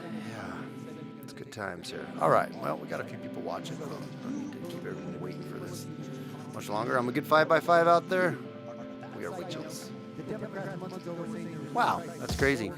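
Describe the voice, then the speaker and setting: A man hosting a casual livestream commentary, with a voice of ordinary pitch. He rambles and chats with his viewers, and music plays in the background behind him. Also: very animated, normal speed, creaky. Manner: rambling, many fillers and restarts, chatty with viewers. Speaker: livestream host.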